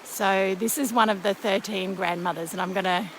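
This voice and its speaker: A woman leading an outdoor ceremony by a creek, speaking in a slow, gentle, soothing way, a little croaky. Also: mid-range voice, steady tone, noisy background. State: slightly croaky. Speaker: ceremony leader. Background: flowing stream.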